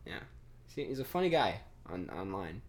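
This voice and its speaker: A man's voice: low voice, very animated, normal speed. A young man hosting a casual podcast chat, rambling and trailing off, laughing often. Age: young adult. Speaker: podcast host.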